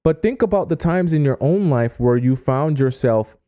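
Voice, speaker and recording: A man giving dating advice on a live stream, animated and often acting out quoted voices. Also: a little high, normal speed. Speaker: dating coach.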